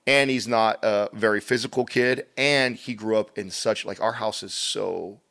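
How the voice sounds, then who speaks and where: A man with a low-pitched voice, talking as a guest on a casual interview podcast. He tells stories animatedly, jumps into voices to act out what people said, and swears now and then. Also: normal speed, vocal fry. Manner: animated storyteller, acts out quotes, swears casually.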